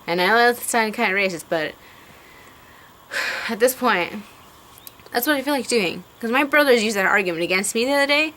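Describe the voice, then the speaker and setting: A woman's voice: mid-range voice, lively intonation, normal speed, pauses often, sharp tone. A young woman with a mid-range voice rants to camera, heated and swearing freely. She rambles through fillers and restarts as she vents. A faint hiss of noise sits under her. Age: young adult. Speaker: vlogger. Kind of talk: ranting to camera.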